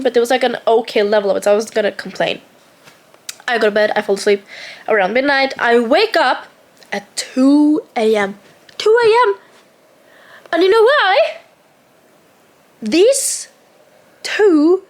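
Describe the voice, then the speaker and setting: High-voiced woman telling a story. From Norway. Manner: animated, exasperated ranting with lots of "like". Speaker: travel vlogger. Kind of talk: casual storytelling to camera.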